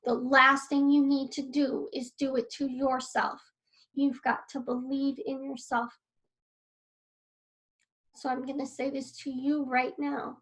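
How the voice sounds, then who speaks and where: A woman's voice: high-pitched, level tone, a little slow, a bit bright, low-quality recording. A woman wellness coach talking earnestly to camera from her desk at home, encouraging and a little emotional. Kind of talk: casual talk to camera. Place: home desk in a sunny room.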